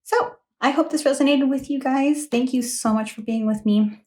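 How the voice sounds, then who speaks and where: A woman's voice: high-pitched, moderate pace, a little mellow. A woman in her thirties giving a chatty, rambling tarot reading to her phone camera at home late at night, often apologizing and laughing. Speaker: tarot reader.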